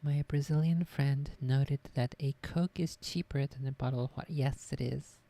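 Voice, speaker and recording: A woman's voice: rumbling low, steady tone, normal speed, mellow, dry recording. A woman streaming from her desk at home, chatting casually and rambling offhand. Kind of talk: casual live-stream chat.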